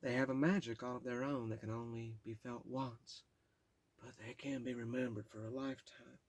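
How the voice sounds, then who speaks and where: A man's voice: medium pitch, flat delivery, normal speed. A man reading his own memoir aloud in a candid, plain-spoken way, with casual asides. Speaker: memoir narrator.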